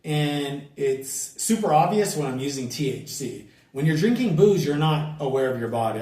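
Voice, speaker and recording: Loud, cursing man ranting outdoors. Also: mid-range voice, moderate pace, few pauses, roomy sound, distant mic. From United States. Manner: loud, profane, ranting and irritated. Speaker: vlogger. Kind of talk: profane outdoor rant to camera. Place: outdoors at dusk, bugs and a barking dog nearby.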